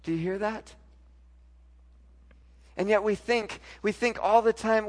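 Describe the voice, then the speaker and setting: A pastor preaching a sermon, telling a personal story, moving from soft, intimate lines to loud, emphatic ones. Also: male voice, high voice, fairly even intonation, a little slow, pauses often.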